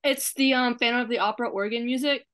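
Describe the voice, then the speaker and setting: A woman in a comedy sketch breaks in with short, dry remarks. Her voice sits a little high. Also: quick pace, fairly bright tone. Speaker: co-host.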